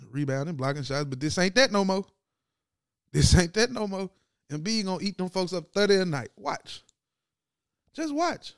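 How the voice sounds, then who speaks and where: A man hosts his podcast in a loose, slangy sports monologue, his voice sitting a little high. The tone is smooth and clean. He is close to the mic in a dry, dead-sounding space. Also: no room sound. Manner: loose slangy delivery, swings from loud to low and subdued. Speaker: podcast host. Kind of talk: casual sports talk monologue.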